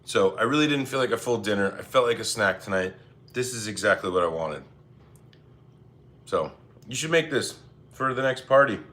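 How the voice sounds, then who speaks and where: Male cooking-stream host, low voice with a bright edge, laid-back and chatty, reads chat and apologizes a lot. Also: lively intonation, normal speed, long pauses. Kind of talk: casual cooking livestream chat. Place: home kitchen.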